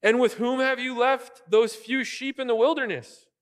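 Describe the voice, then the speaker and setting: Man doing an angry big brother, scornful, indignant, high-pitched, long hall echo. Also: big pitch swings, a little slow. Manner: accusing, indignant.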